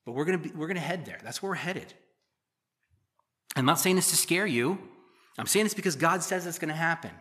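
Bright-voiced man preaching conversationally. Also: a little high, lively intonation, a little fast, long pauses. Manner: conversational teaching, frequent "okay?" check-ins. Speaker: pastor. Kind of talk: sermon.

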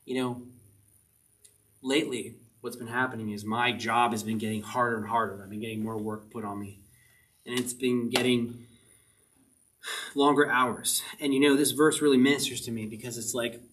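A man's voice: mid-range voice, steady tone, moderate pace, long pauses, fairly bright tone. A man preaching a sermon as pastor, earnest and driving his point home with short repeated commands. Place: church service. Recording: voice a bit distant from the mic.

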